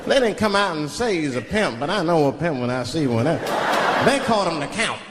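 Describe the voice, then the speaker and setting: A middle-aged man performing a stand-up comedy routine, telling stories with lively delivery and playful character voices. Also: on the high side, moderate pace. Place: large venue with live audience. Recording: live hall recording with crowd noise.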